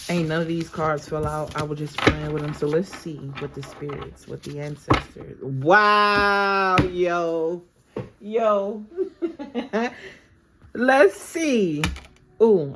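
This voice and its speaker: A woman with a low voice gives a casual tarot reading, speaking straight to her viewers. Her talk is chatty and full of slang. A faint noise sits under the recording. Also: a little mellow. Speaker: tarot reader.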